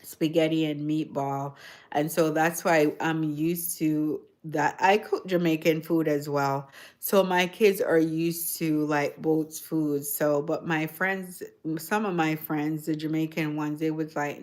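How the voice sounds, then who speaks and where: Woman with a low voice rambling on a casual livestream, lots of "like" and "you know". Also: steady tone, measured pace. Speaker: livestream host.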